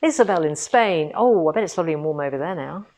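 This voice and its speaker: A woman's voice: low-pitched, expressive, fast talker, darkish tone. Bubbly chatty woman host. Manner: chatty, bubbly, laughs often. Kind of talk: casual live-stream chat.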